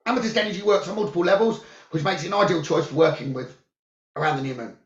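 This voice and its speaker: A man who works as a psychic medium, giving calm, soothing spiritual guidance about the new moon, crystals and journaling. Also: high-pitched, fast. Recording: roomy, dull lo-fi sound.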